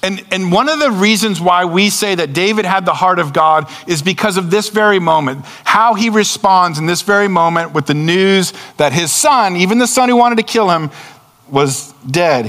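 A man preaching with earnest weight, slowing down and sinking low on the words that matter. His voice sits a little high for a man. It rings out with the long reverb of a large hall. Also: expressive, fairly bright tone. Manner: earnest, slows down and drops low for emphasis. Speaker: pastor. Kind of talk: sermon.

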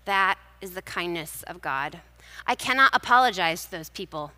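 Woman, devotional sermon, chatty storytelling, bright tone, echoey hall. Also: fairly low pitch, expressive, normal speed. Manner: conversational storytelling with scripture. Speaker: speaker at a church gathering.

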